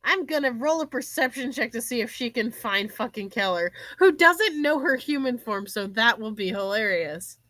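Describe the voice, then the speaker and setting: A woman's voice: on the high side, lively intonation, moderate pace, hardly any pauses, pushed and bright, no room sound, low-quality recording. A woman chatting and laughing through a tabletop game session, with a self-mocking manner. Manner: giggly, self-deprecating. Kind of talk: casual chat and in-character play.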